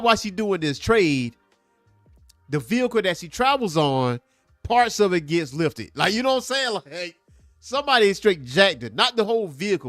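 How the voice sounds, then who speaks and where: Casting note: young adult man, comic show host, lively and emphatic delivery, dry close sound with faint music underneath. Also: on the high side, no echo. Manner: animated, emphatic, repeats points for effect. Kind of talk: casual comic book review.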